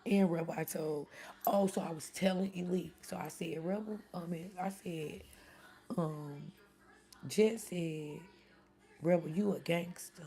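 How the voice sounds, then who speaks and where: A woman's voice: fairly low pitch, slow, warm tone. A middle-aged woman streaming live, chatting casually and answering commenters by name. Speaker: live streamer reading chat. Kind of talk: casual chat.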